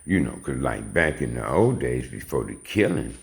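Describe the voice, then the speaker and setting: A man's voice: extremely low pitch, big pitch swings, moderate pace, creaky. A man giving a rambling, casual monologue in streetwise slang. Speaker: vlogger. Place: home in suburban Houston.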